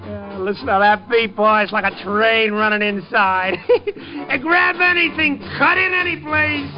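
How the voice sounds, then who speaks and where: A man's voice: sits high, moderate pace, over music, close to an everyday voice. A man playing a drunk, broken horn player. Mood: drunk, rambling. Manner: slurring, rambling, despairing. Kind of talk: 1950s radio drama acting. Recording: muffled 1950 radio broadcast.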